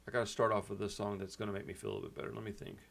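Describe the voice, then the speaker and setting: A man's voice: on the low side, little pitch movement, very fast, vocal fry. A man hosting a punk rock channel, upset and venting in a rambling, casual way that is full of "dude" and "bro.".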